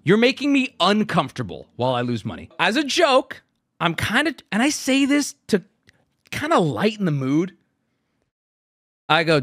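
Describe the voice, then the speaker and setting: A man's voice: high-pitched, normal speed, no echo, clean studio sound. A man in his thirties casually telling a swear-filled story, acting out what people said. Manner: animated, swears often, acts out quotes.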